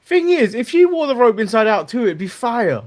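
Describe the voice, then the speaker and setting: A man's voice: very high voice, big pitch swings, normal speed. A man co-hosting a casual wrestling review chat, rambling and joking, chuckling at his own remarks. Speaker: co-host.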